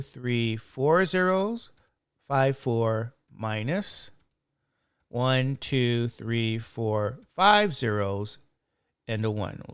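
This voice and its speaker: A man's voice: medium pitch, smooth, dry recording, studio quality. A man teaching a statistics lecture, walking through a calculation and counting digits aloud step by step. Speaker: statistics instructor. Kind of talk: classroom lecture.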